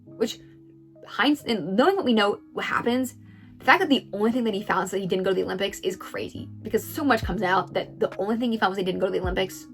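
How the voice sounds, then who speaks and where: A woman retells someone else's story at a brisk, rapid clip. She is chatty and casual, dropping into quoted lines. Faint background music sits under her voice. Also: medium pitch. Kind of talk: story recap commentary.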